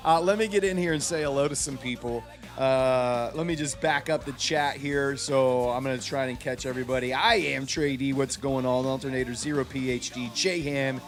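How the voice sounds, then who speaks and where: A man's voice: medium pitch, steady tone, moderate pace, faint music behind. A man hosting a live trading stream, venting about a late payout and greeting viewers from chat one by one. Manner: frustrated ranting, then rattling off chat names.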